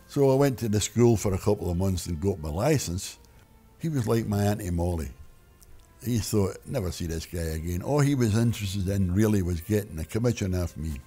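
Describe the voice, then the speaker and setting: Old guy telling a rambling story, deep mellow voice, little music behind. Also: husky. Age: older. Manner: rambling, restarts sentences, wry. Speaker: interviewee.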